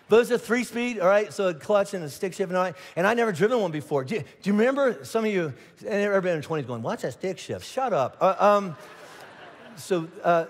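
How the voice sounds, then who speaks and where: A middle-aged man from Indiana preaches to a large church, jumping into little acted-out voices as he tells his stories and often restarting his sentences. His voice sits high for a man, and it rings with the long reverb of a big auditorium. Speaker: pastor. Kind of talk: sermon.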